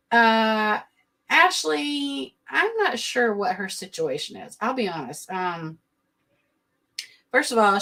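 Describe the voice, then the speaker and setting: A woman's voice: mid-range voice, a bit bright. Sassy woman recapping reality TV. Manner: sassy, blunt, quick to laugh. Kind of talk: casual live-stream commentary.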